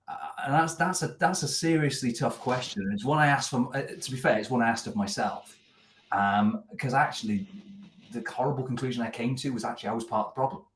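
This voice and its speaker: A man's voice: mid-range voice, a little fast, echoey room, a little hiss or hum. A man co-hosting a casual business live-stream, chatty and self-deprecating, with a lot of fillers. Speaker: co-host, business coach. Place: office.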